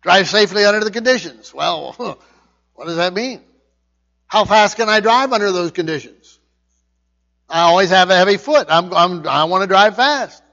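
A man's voice: high voice, expressive, normal speed, vocal fry, bright, forceful tone, dull audio. A man preaching a conversational sermon, repeating his points with emphasis. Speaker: pastor.

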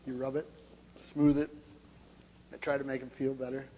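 A man preaching a sermon, halting, with many fillers and restarts, growing more emphatic as he goes. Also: medium pitch, flat delivery, dark tone, a little hiss or hum. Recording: long hall reverb.

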